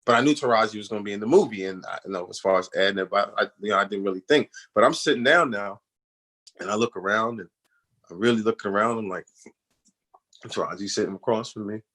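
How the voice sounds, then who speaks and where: Animated slangy man telling stories. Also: lowish voice, fast. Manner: animated storyteller, acts out others' voices in quotes; slangy, repeats "you know what I'm saying". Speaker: guest actor on a radio show. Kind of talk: casual storytelling interview.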